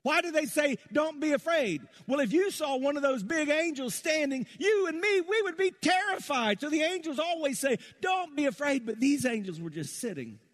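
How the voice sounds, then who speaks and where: A middle-aged man preaching a sermon in a church, rising to loud emphatic peaks and dropping to soft, low asides. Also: big pitch swings, moderate pace, hardly any pauses. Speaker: pastor. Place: church sanctuary. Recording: long reverb of a large hall.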